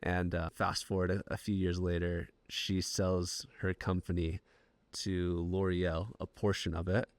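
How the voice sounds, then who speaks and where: A man hosting a conversational interview podcast, telling stories in an animated way with lots of "like" fillers. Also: low-pitched, measured pace, no room sound. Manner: animated storyteller with many "like" fillers. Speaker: podcast host.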